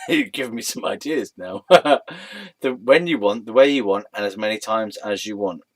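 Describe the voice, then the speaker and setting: A man's voice: lowish voice, animated, normal speed. A man reading a web page aloud and mocking it, often breaking into laughter and mock-dramatic outbursts. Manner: giggly, keeps breaking into laughter.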